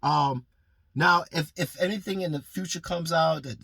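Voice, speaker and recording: A man talking fast and passionately about boxing on his own channel, rambling and swearing freely as a fan. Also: a little high, vocal fry, pushed and bright, dry recording. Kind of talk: casual fan commentary vlog.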